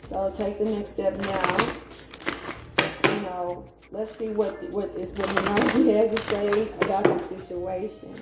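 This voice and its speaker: A woman's voice: medium pitch, level tone, a little slow. A woman giving a casual tarot reading who talks bluntly, swears freely, laughs often and trails off into fillers. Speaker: tarot reader. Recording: echoey room with faint music.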